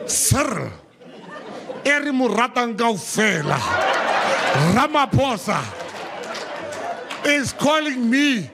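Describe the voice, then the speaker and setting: A man's voice: extremely high pitch, fairly bright tone. A South African man, a government minister, giving a humorous public speech full of joking anecdotes and emphatic quoted asides.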